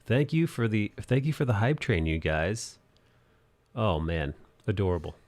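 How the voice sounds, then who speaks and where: A man's voice: on the low side, sing-song, a little slow, darkish tone. A young man hosting a live drawing stream, chatting loosely, laughing and thanking viewers for their support. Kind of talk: casual live-stream chat. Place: apartment in an old city building.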